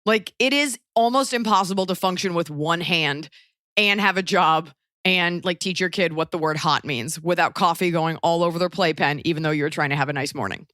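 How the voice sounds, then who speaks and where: A woman's voice: on the low side, normal speed, a bit bright, no echo, clean studio sound. A woman in her thirties hosting a podcast, giving blunt, rambling, jokey advice in casual chat. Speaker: podcast host.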